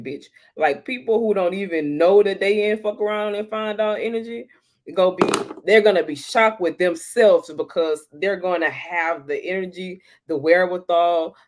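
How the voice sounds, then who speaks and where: A woman chatting casually about astrology, animated and profane, laughing often. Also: deep voice. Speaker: astrology talk host.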